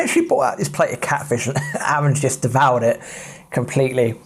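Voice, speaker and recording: An English man hosting a podcast, telling travel tales in a relaxed, chatty way. He talks animatedly with frequent laughs and plenty of asides. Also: mid-range voice, normal speed, creaky, breathy edge. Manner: lively anecdotal, laughs often. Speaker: podcast host. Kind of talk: casual travel storytelling.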